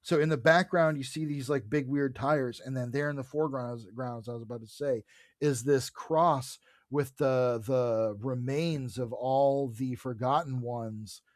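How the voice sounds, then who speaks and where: A man in casual chat, recapping with eager energy and frequent fillers. His voice sits at an ordinary middle pitch. The recording is dry and close, with no room sound. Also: fairly even intonation, measured pace, no echo. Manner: enthusiastic retelling, many fillers. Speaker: podcast co-host. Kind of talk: casual chat about comics.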